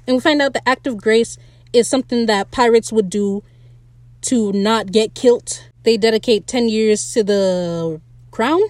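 Young woman ranting about a tv episode, blunt and animated, voice a bit high, dry close sound. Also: unhurried, no room sound. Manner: blunt, animated, laughs often. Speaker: podcast host recapping a TV episode. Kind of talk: casual opinionated recap.

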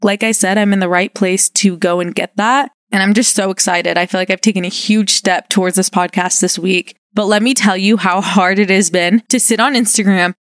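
A woman's voice: mid-range voice, fairly even intonation, normal speed, few pauses, dry recording, studio quality. Chatty young woman podcast host. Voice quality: upbeat, chatty with many "like" fillers. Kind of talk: casual solo podcast chat.

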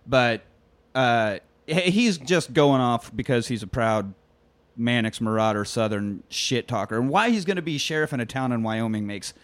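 A man's voice: mid-range voice, normal speed, no room sound. A man co-hosting a podcast, recapping a film in casual, profane, jokey talk and acting out scenes in silly voices. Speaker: podcast co-host. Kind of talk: casual movie recap chat.

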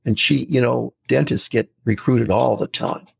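A man in his sixties, a podcast guest, telling lively stories and acting out quotes in casual talk. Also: mid-range voice, moderate pace, creaky, husky, no room sound, clean studio sound. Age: 60s. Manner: storytelling, lively, animated quotes.

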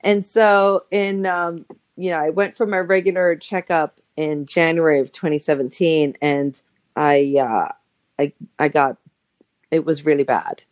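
A woman's voice: low voice, steady tone, measured pace, no room sound. A woman in her forties, a guest telling an emotional personal story in a chatty way, full of fillers, sometimes acting out quoted voices. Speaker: interview guest. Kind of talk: personal story in a podcast interview. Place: Los Angeles.

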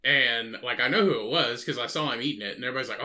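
A man co-hosts a casual podcast and tells crude stories in an animated way. His voice is bright and forceful, at a middle pitch. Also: rapid-fire, hardly any pauses. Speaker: podcast co-host.

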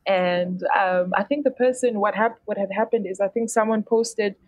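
A singer-songwriter from South Africa's Eastern Cape speaks frankly in a casual interview, often laughing at her own blunt jokes. Her mid-range voice stays fairly even in intonation at a moderate pace.

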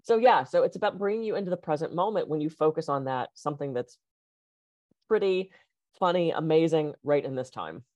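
A woman co-hosting a podcast, telling stories in an animated, laughing way. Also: deep voice, a little fast, dry recording, highs cut off. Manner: animated, laughing, bouncy storyteller. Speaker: podcast co-host. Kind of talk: casual chat.

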